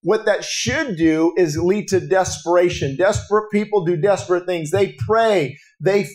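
A man's voice: sits high, unhurried, a little mellow. A man preaching a sermon as pastor at a breakfast gathering, earnest and rising to fervent, urgent delivery.

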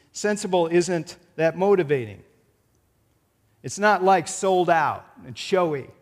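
A man's voice: high-pitched, takes it slowly. A man preaching a sermon as pastor in a church, earnestly retelling a film scene. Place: church sanctuary. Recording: church hall reverb.

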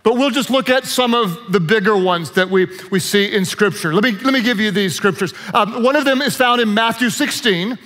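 A man's voice: high-pitched, moderate pace, hardly any pauses, in a large hall. A man preaching a sermon as pastor, telling stories with joking asides. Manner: animated storyteller, joking asides.

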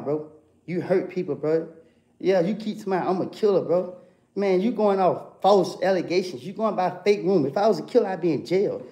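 A man's voice: a little high, warm tone. A young man, ranting confrontationally on a livestream and repeating "bro" and "come on, man" constantly. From Atlanta, USA. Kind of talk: heated livestream rant.

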